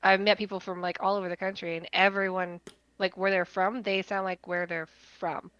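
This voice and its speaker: A woman's voice: mid-range voice, little pitch movement, fairly quick, fairly bright tone, clear, resonant tone. A woman from California in casual chat, blunt and argumentative. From California, United States. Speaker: podcast co-host. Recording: dry, dull lo-fi mic.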